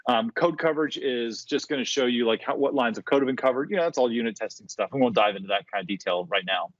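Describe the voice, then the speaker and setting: A man presenting a casual, live screen-share tech demo on a developer community video call, with quick asides and restarts. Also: medium pitch, dry recording, muffled recording.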